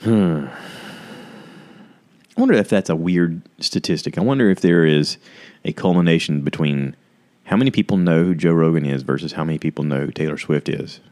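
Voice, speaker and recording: Deep-voiced rambling podcast host. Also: male voice, normal speed, a little mellow. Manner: rambling, self-deprecating, full of fillers and asides. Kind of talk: casual rambling review chat.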